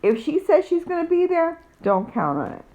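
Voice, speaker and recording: A woman's voice: extremely high pitch, big pitch swings, normal speed, muffled recording. A middle-aged woman telling a personal story in a blunt, profane, rambling way, full of fillers. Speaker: vlogger. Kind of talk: casual storytelling.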